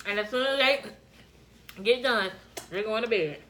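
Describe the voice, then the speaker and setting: A woman's voice: on the high side, normal speed, a bit bright, a little hiss or hum. A middle-aged woman and mother, chatting casually at a home dinner table, teasing and mock-scolding in a laid-back way. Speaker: mother and vlog host. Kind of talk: casual family chat over dinner.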